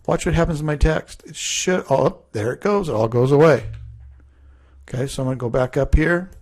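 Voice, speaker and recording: Gravelly husky man teaching. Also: fairly high pitch. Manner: relaxed, conversational, thinking aloud. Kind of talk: screen-recorded coding tutorial.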